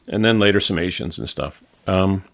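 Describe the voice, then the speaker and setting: Low, gravelly man telling travel stories. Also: normal speed, a bit bright. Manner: rambling storyteller, restarts and self-corrections. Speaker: podcast co-host back from travel. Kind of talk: casual chat. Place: studio.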